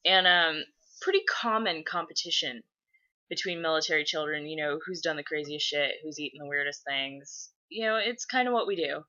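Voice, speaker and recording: Profane, animated woman telling a story. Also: low-pitched, moderate pace, lo-fi sound. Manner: animated, profane, acts out voices in her stories. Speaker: vlogger answering viewer questions. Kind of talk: casual storytelling to camera.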